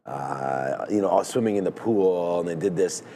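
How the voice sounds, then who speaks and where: A hoarse man who has lost his voice, co-hosting a live market show in a chatty, rambling way. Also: deep voice, normal speed, dark tone, a little hiss or hum. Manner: chatty, rambling, jumps between topics. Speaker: stock market show co-host. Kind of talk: casual live market chat.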